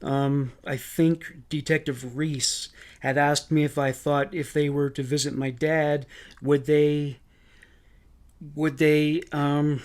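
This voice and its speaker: A hesitant, grieving young daughter gives halting testimony, pausing and restarting as she speaks, read out by a man. The voice sits a little high, and the words are read plainly rather than fully acted.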